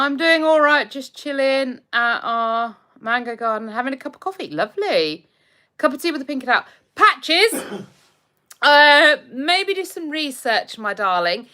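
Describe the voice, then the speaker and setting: With a high, sharp-toned voice, this woman chats with her livestream viewers in an English accent. She reads their comments casually, laughs a lot, and calls each of them darling.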